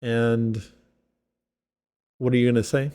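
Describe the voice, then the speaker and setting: Man, game master narration, hesitant with lots of ums, slow pace, dry close sound. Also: mid-range voice, flat delivery, warm tone, no room sound. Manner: hesitant, many fillers.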